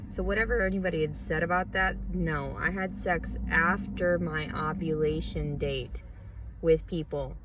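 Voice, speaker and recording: Over slight background noise and poor audio, a woman vlogger unloads raw distress in a confessional video diary. She repeats phrases and lurches from murmurs and whispers to sharp outbursts.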